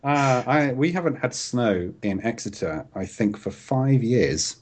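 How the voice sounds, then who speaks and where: A man's voice: mid-range voice, lively intonation, measured pace, darkish tone, a little hiss or hum. A man hosting a casual podcast from home, joking about himself and laughing often as he chats with two friends. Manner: jokey, self-deprecating, laughs often. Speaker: podcast host. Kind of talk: casual chat.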